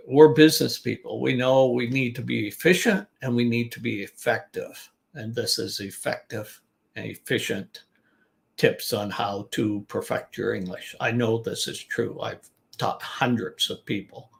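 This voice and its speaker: An older man with a gravelly, medium-pitched voice coaches business English in an informal online lesson. He chats freely, restarting sentences and repeating words to demonstrate where the stress falls.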